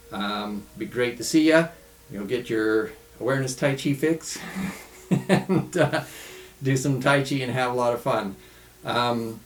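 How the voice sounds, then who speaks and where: A man teaching tai chi in a home studio, calmly calling out the steps of a follow-along routine. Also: medium pitch. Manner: calm, relaxed, calls out steps slowly. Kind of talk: follow-along movement instruction. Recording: echoey studio room.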